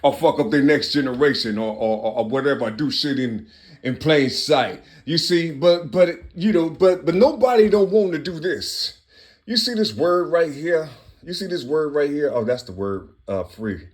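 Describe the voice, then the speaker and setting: A man in his fifties delivering an impassioned, rambling monologue, swinging between loud bursts and low mutters and repeating himself. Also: expressive, normal speed.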